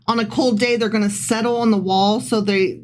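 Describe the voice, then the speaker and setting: A woman's voice: a little high, fairly even intonation, a little fast. Sex: woman. Role: podcast co-host. Style: casual scripture reading with commentary. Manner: sarcastic, irreverent, chatty.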